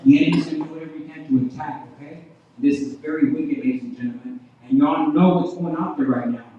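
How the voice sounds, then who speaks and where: A man preaching a revival sermon as a guest preacher, telling his testimony and often calling out "ladies and gentlemen", his loudness rising and falling. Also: fairly high pitch, fast. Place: church hall. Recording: echoey hall, distant dull mic.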